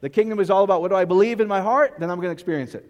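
A man's voice: high voice, racing, darkish tone, in a large hall, muffled recording. A man preaching a loose, conversational sermon, joking and quizzing the congregation as he goes. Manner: folksy, joking, asks the congregation questions. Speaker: pastor.

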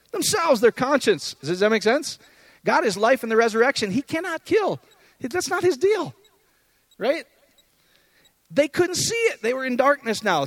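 A man preaching a casual sermon, talking to the audience in a conversational way, asking them questions and swinging between loud high bursts and low quiet asides. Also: no echo. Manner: asks the audience questions often.

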